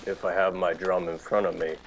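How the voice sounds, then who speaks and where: A man at a game table talks in an easygoing way, full of little fillers. His voice is low, and a clear hubbub of people sits behind him. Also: level tone, a crowd in the background. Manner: easygoing, drawn-out talk with fillers. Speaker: player. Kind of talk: casual chat at a game table.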